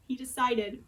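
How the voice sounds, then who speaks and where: A woman's voice: fairly high pitch, a bit bright, poor audio. A woman in her forties telling a personal story in a dramatic, chatty way, often adding tag questions. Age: 40s. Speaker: vlogger.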